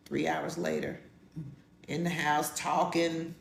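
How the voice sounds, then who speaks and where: Woman, middle-aged, podcast co-host, chatty storytelling, lively pitch, roomy echo. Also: normal speed, a little hiss or hum. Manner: animated, acts out quotes in a high voice. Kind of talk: casual storytelling. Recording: echoey room with faint ambience.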